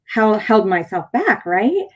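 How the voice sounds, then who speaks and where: A woman in her thirties from San Diego, mid-pitched, telling a personal story on her talk show. She tells it animatedly and jumps into the voices of the people in it. Her speech rambles a little, full of "like" and restarts. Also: slow pace. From San Diego, California. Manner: animated, acts out quoted dialogue; rambling with many fillers and restarts. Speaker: chiropractor and show host. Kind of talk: casual interview storytelling.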